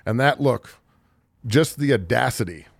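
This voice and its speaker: Gravelly, profane man in his forties. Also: medium pitch, expressive, a little slow, no echo, studio quality. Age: 40s. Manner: profane, heated and emotional. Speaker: podcast host. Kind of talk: casual sports chat. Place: studio.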